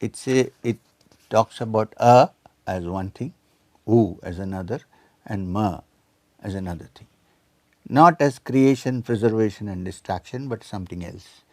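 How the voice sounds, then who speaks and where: A man's voice: fairly low pitch, a little slow, long pauses, a little mellow, dry recording. Older male lecturer, seventies, quotes verses, questions listeners, dead-dry sound. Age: 70s. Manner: quotes scripture and Sanskrit, asks the audience questions. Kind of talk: spiritual lecture.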